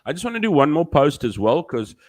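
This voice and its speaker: A man's voice: on the high side, sing-song, brisk. A man hosting a live stream, chatting casually, rambling and joking as he reads out the chat.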